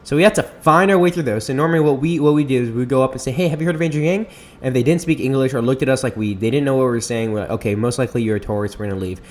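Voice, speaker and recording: A man talking quickly through a casual podcast monologue. His voice sits at an ordinary middle pitch. He rambles, stops himself mid-word and restarts, and leans on lots of fillers. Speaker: podcast host. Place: Seattle area.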